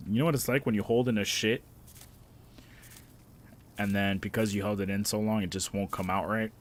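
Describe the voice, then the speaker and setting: A man's voice: lowish voice, fairly even intonation, moderate pace, slight background noise. A man streaming a game and bantering with his chat in a casual, sarcastic, profane way.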